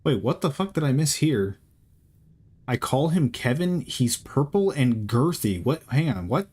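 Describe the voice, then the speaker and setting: A man's voice: mid-range voice, big pitch swings, measured pace, darkish tone, breathy edge. A man streaming a game, chatting casually and profanely with his viewers in a rambling, joking way. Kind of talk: casual chat with live chat while playing.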